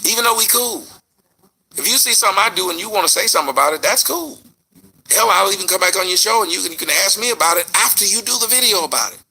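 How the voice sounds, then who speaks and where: A man hosting his online show, answering a critic in an animated, rhetorical commentary rant. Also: sits high, quick pace, gravelly, slightly rough. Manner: animated, rhetorical, mocking retorts.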